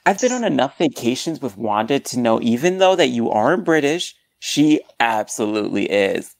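A woman's voice: extremely low pitch, very animated, normal speed, vocal fry, darkish tone, no echo, heavily acted. A woman voicing a crude, boastful young man in a scripted comedy podcast. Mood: bossy.

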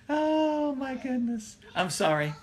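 A man's voice: very high voice, background noise. A middle-aged male pastor giving a casual live Bible teaching, who laughs often and reads out viewer comments.

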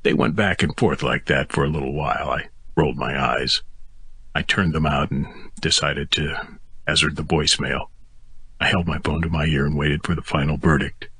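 A man narrating a first-person audiobook in a steady, intimate manner on a close mic. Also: extremely low pitch, moderate pace, slightly rough, no room sound.

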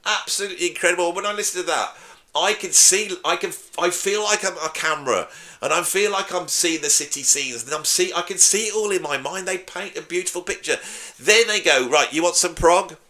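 Bright-voiced drummer chatting. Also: male voice, high voice, a little fast. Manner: chatty, opinionated, jokey. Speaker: YouTube host and drummer. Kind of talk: casual talk to camera.

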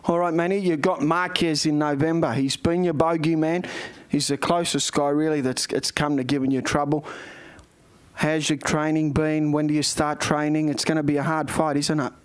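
A man hosting a boxing show, asking questions in an energetic, loud way. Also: fairly high pitch, normal speed, smooth, no room sound. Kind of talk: interview.

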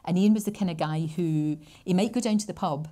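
Fast-talking Glasgow woman in her sixties. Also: lowish voice. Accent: Glasgow Scottish. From Scotland. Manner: chatty, animated storytelling. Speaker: interview guest. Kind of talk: casual conversation on stage.

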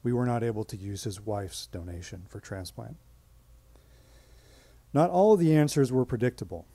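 A man telling a personal story on stage at a live storytelling event, with measured, dramatic pauses. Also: medium pitch, lively intonation, mellow, no room sound.

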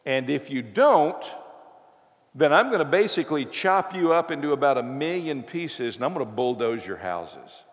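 A man's voice: on the high side, very animated, moderate pace. A preacher voicing a grumpy, paranoid, sleepless ancient king who blusters threats at his advisors. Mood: threatening. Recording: reverberant church hall.

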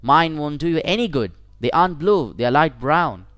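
A man voicing a terrified traveler held at knifepoint, pleading in a rushed, high-strung way in a storybook reading. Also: expressive, a bit bright, no echo, clean studio sound, faint music behind. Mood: pleading, panicked.

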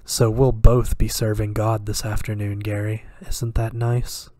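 A quiet, cruel devil, voiced by a man reading a horror tale, who savours each word in a slow, hushed purr. The delivery stays level and narrow in pitch, menace held under the breath. The sound is dry and close, with no room around it. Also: level tone, no room sound, natural voice. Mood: gloating. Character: soft-spoken sinister male devil, teasing and cruel.

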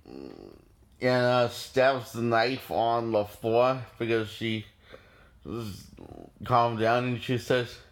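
A man's voice: medium pitch, slow, pauses often. A man casually reviewing a horror film, rambling with many restarts and frequent laughs.

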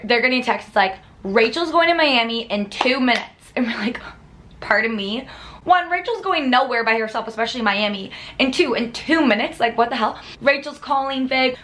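A woman's voice: a little high, a bit bright. A young woman vlogging, telling a travel story to the camera in a chatty way, laughing often and saying "like" a lot.

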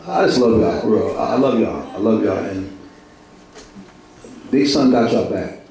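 A man's voice: fairly low pitch, normal speed, gravelly, a crowd in the background. A middle-aged man, giving an emotional church testimony full of repetition and street slang. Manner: repetitive, heartfelt, street slang, laughing through it. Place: large echoey church hall. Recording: echoey hall from far off.

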